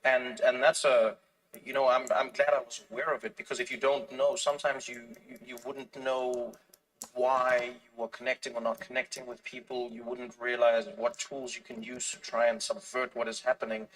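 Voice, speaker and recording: Animated man, heard from a distance. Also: mid-range voice, moderate pace. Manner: animated storytelling, acts out other people's voices, frequent restarts. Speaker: comedian, interview guest. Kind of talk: casual conversation.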